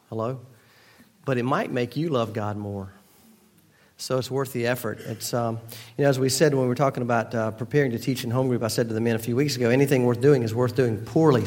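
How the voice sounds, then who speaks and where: A man pastor giving a conversational sermon, prompting his congregation to finish familiar verses. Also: medium pitch. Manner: conversational, engaging the congregation with call-and-response. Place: church sanctuary.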